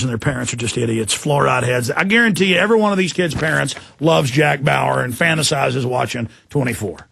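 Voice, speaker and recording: Gravelly, high-voiced ranting man. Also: a bit bright, no room sound. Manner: impassioned, ranting. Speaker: talk show host. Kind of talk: political talk radio monologue.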